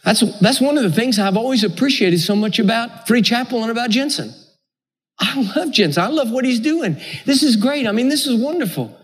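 A man's voice: extremely high pitch, expressive, a little fast, husky. A man preaching a sermon with an emphatic, repetitive cadence. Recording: echoey hall.

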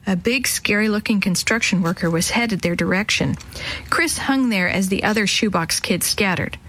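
A woman storyteller warmly reading a children's chapter book aloud, acting out the voices. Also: mid-range voice, normal speed, rough recording. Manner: warm, expressive reading, acts out voices.

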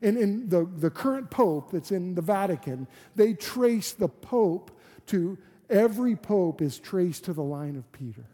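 A man's voice: high voice, animated, unhurried, few pauses, warm tone. A man preaching a sermon as a pastor, earnest and full of rhetorical questions and restarts. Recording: long hall reverb.

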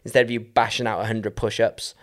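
A man's voice: fairly low pitch, little pitch movement, a little fast. A man hosting a podcast, casually walking through dance fitness exercises step by step with lots of "like" and "um". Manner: chatty, with fillers like "like" and "um".

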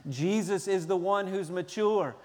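A man preaching a sermon in an animated way, at times acting out shouting children. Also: high-pitched, measured pace, in a large hall. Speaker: pastor.

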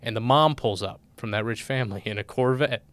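A young man from Illinois tells a story in relaxed podcast chat, swearing freely and acting out the people in it. His voice is smooth and resonant, with little room sound around it. He talks at an ordinary middle pitch. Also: fairly quick, dry recording. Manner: animated, profane, acts out voices in anecdotes.

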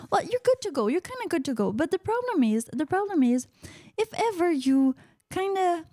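High, lively woman host. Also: normal speed, no echo, studio quality. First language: French. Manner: playful, chatty, sprinkles "uh-huh" affirmations. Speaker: radio host. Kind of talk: casual radio monologue.

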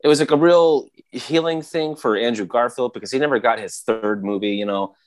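A man in casual chat, retelling scenes excitedly with frequent laughter. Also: medium pitch, fairly quick.

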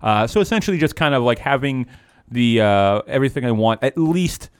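Animated, rambling podcast host. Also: male voice, medium pitch, fairly quick, smooth, dry recording, studio quality. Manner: rambling, laughs often, filler-heavy. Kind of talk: casual chat.

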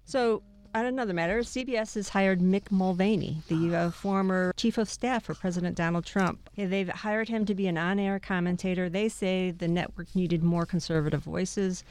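A woman's voice: fairly low pitch, fairly even intonation, moderate pace, a little mellow. A woman on a radio media panel, raising questions and introducing new topics for discussion. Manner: probing, raises questions for the panel.

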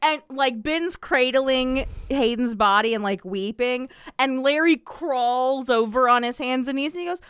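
A woman with a fairly high voice retells a show's plot on a podcast, laughing often and quoting characters. The recording is dry and close. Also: unhurried, hardly any pauses, fairly bright tone, clean tone, no room sound. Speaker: podcast co-host. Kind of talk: casual chat recapping a show.

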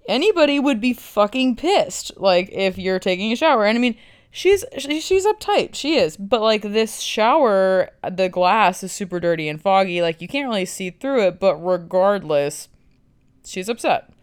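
A woman's voice: medium pitch, lively intonation, normal speed, smooth. Blunt, sarcastic woman podcast host. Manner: blunt, sarcastic, swears freely. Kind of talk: casual film recap.

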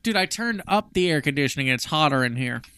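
Teasing man with animated voice. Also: a little high, fast talker, smooth, dry recording. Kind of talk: crude comedy banter.

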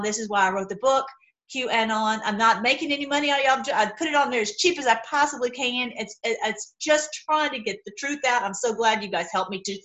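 A woman's voice: on the high side, fairly bright tone, poor audio. A woman giving a casual, rambling Bible teaching, talking straight to her viewers and acting out the people she quotes.

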